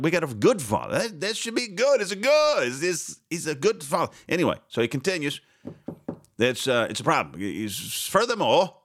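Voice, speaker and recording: A morning talk radio host reads news items aloud, adding sarcastic, chatty commentary and laughing often. His voice is medium-pitched and a bit bright.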